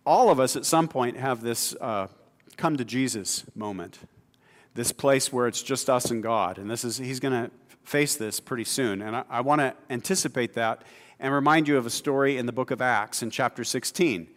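A man's voice: mid-range voice, moderate pace. A man preaching a sermon in a conversational style that builds to emphatic stretches. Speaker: pastor. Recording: long hall reverb.

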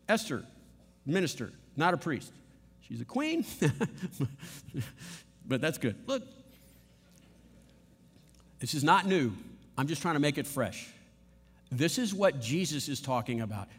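High-voiced pastor preaching in a reverberant hall. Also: male voice, slightly rough. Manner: emphatic, repetitive preaching with playful asides. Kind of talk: sermon.

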